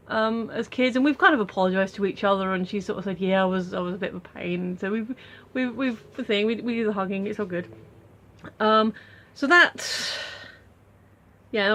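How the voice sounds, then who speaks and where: A woman's voice: fairly high pitch, fairly bright tone. A British woman vlogging to camera in a casual, rambling way, full of ums and restarts.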